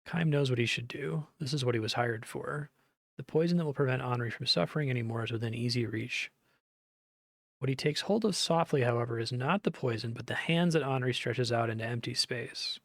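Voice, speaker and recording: Gravelly-voiced man reading a game aloud. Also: medium pitch, fairly quick, fairly bright tone, no echo, clean studio sound. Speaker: streamer.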